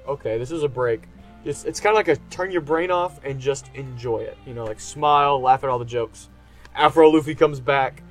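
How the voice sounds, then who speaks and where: A man giving a casual, enthusiastic review, rambling with lots of fillers. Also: on the high side. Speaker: anime reviewer.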